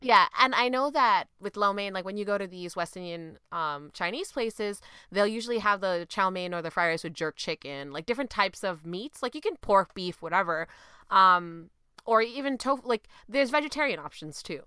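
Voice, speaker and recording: Lively chatty young woman. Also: medium pitch, normal speed, clear, resonant tone, no room sound, clean studio sound. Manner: lively, laughing, mimics her mom's voice. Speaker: podcast host. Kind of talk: casual podcast chat.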